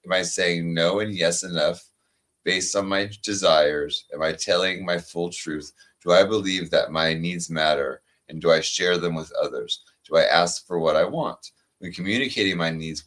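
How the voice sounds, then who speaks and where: Deep-voiced man reading cards slowly. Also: fairly even intonation, fairly bright tone. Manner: reads cards aloud slowly and soothingly. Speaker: card reader. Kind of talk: casual chat.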